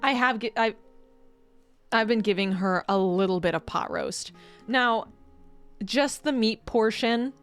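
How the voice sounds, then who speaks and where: A woman's voice: fairly high pitch, a little slow, long pauses, clean tone, soft background music. A woman streamer in casual chat, rambling and laughing often as she reads chat messages.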